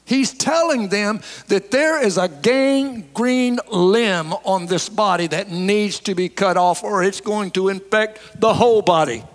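Male pastor, high voice, emphatic folksy preaching, church reverb. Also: unhurried, hardly any pauses. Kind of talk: sermon. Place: church sanctuary. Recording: long hall reverb.

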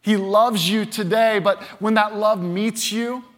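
High-voiced man preaching a lively sermon. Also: unhurried. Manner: animated preaching, acts out quoted voices. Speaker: pastor.

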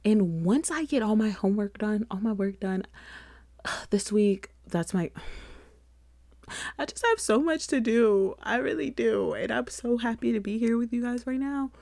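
A woman's voice: fairly high pitch, moderate pace, vocal fry, darkish tone, no room sound, clean studio sound. Chatty rambling young woman podcaster. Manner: rambling, chatty, laughs often, self-deprecating. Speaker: podcast host. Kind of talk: casual solo podcast chat.

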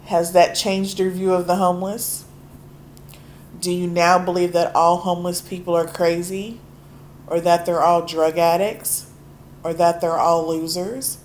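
Hoarse woman preaching, slow and earnest. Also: lowish voice, a little mellow, a little hiss or hum. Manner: earnest, conversational, reads scripture aloud with emphasis. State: hoarse from allergies. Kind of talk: sermon.

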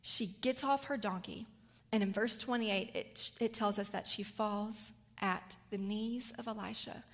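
A woman preaching a sermon, telling a Bible story with animated delivery and acting out the characters. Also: mid-range voice, a little slow. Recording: long hall reverb.

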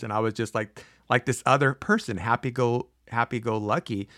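A man in his forties telling a personal story in a casual, animated way, acting out quoted voices, with frequent fillers and restarts. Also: mid-range voice, moderate pace, hardly any pauses, no room sound, studio quality.

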